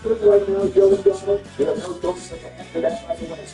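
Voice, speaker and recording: A man giving confrontational gameplay commentary with trash talk and swearing, swinging between squeaky and low tones. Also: steady tone, brisk, dark tone, far from the mic. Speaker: gaming video host. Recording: echoey room, away from the mic, music behind.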